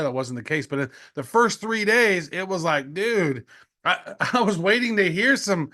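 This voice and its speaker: A middle-aged man co-hosting a podcast, telling stories in an excitable, slangy way and laughing often. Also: a little high. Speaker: podcast co-host. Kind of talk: casual podcast chat.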